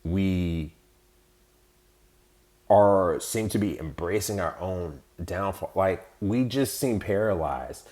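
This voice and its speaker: Low-voiced male podcast host, heated, profane, rambling commentary. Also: takes it slowly, a little mellow. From United States. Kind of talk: casual political commentary.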